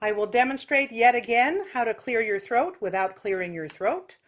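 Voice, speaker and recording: A woman teaching an online singing class, explaining slowly between nasal, quacking vocal demonstrations over a video call. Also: on the high side, animated. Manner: nasal quacking vocal exercises between slow spoken instructions.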